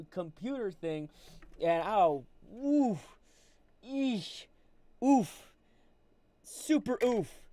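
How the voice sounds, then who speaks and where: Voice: medium pitch, a little mellow. A live streamer in a casual, agitated rant, upset and restarting often, talking through wired earbuds. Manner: agitated, ranting, with many restarts. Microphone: wired earbuds with mic.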